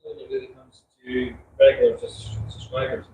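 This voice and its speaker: A man's voice: mid-range voice, huge pitch swings, normal speed, dark tone, echoey room, rough recording. A man co-hosting a casual live vlog outdoors at a bus station, speaking in a loose, rambling way. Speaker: co-host. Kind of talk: casual live-stream chat. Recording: busy crowd noise behind.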